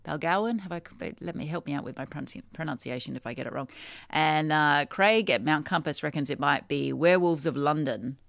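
Chatty South Australian woman hosting talk radio, gravelly, reads listener texts. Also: deep voice, brisk, fairly bright tone, no room sound, clean studio sound. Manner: chatty, reads messages aloud with hesitations. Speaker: radio host. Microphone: studio microphone.

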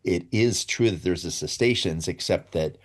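A man's voice: deep voice, moderate pace. A man giving blunt, opinionated commentary in a radio interview. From United States. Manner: blunt and opinionated, with dry laughs. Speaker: commentator, former public radio editor.

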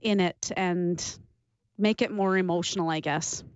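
A woman from Canada in her forties, a former figure skater giving an interview and telling her story in an animated, emotional way. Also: on the low side, measured pace, smooth, no echo, dull audio. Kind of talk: interview recollection.

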